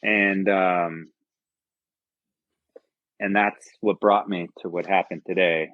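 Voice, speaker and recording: A man's voice: low voice, steady tone, slow pace, no room sound. A man from the United States, a podcast guest and army veteran, telling a personal story in a rambling, profane, earnest way. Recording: dull lo-fi podcast audio.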